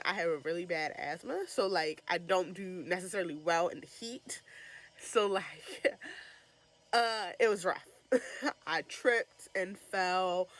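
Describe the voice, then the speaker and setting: A young woman recounts her story to an online audience. Her voice sits a little low, and she talks in a loose, animated way, full of "like"s and small laughs. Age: young adult. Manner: animated, laughing, casual with many "like"s. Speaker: student alumna storyteller. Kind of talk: personal storytelling.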